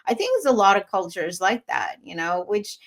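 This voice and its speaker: A middle-aged woman from Eastern Europe co-hosting a podcast in casual chat, an animated storyteller who acts out the people she quotes. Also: mid-range voice, moderate pace. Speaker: podcast co-host.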